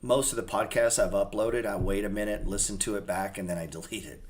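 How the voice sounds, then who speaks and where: A man's voice: fairly low pitch, fairly even intonation, a little fast. A man hosting a trading show, talking loosely and profanely in a rambling, joking way. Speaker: trading channel host. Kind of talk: casual unscripted livestream chat.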